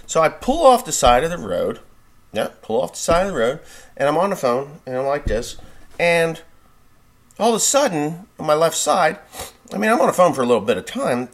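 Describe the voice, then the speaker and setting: A man from New Jersey hosting a farm podcast, telling a rambling story in a casual monologue. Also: mid-range voice.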